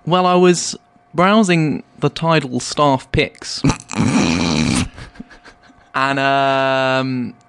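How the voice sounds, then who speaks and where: A man co-hosting a comedic podcast, musing in a hesitant, deadpan way. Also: mid-range voice, very slow, long pauses, smooth, no echo. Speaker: podcast co-host. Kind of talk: casual comedic podcast chat.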